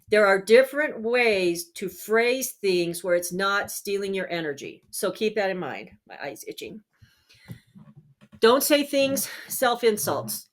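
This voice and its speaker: A woman's voice: mid-range voice, lively intonation, measured pace. Earnest woman giving spiritual advice. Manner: earnest, encouraging, talks to viewers directly; searches for words aloud with fillers. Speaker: spiritual healing host. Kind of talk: casual self-help talk.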